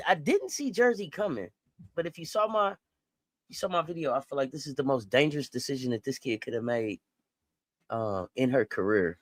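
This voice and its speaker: A man co-hosting a casual basketball talk show, animated and playful, repeating himself as he restarts thoughts. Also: fairly high pitch, no room sound. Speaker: podcast co-host. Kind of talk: casual sports chat.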